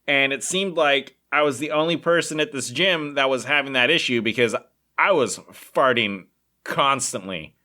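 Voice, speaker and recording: A man's voice: mid-range voice, normal speed, sharp tone. A man co-hosting a casual podcast, telling a rambling story with lots of filler words. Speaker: podcast co-host. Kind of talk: casual chat.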